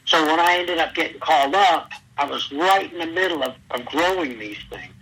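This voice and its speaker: A man's voice: fairly high pitch, normal speed, husky, low-quality recording. A middle-aged man, a former pro wrestler, telling stories as an interview guest and acting out the lines of the people he quotes. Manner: animated storyteller, acts out quotes loudly. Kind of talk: storytelling interview.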